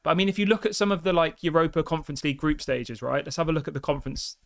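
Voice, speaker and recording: A man hosting a live football show in a slightly high voice. His talk is chatty and direct, and he turns to his viewers again and again to ask what they think. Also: steady tone, rapid-fire, creaky. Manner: chatty and direct, often asks viewers for opinions. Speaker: football fan channel host. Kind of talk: live-stream commentary to viewers.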